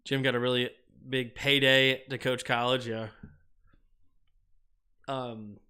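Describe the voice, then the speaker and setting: A man's voice: mid-range voice, little pitch movement, slow, bright, forceful tone, clear, resonant tone. A man hosting a live stream, calling football plays in short bursts and chatting about viewer comments. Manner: reads viewer comments aloud and answers them; calls plays in short clipped phrases. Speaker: livestream sports host. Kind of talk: live play-by-play and chat reading.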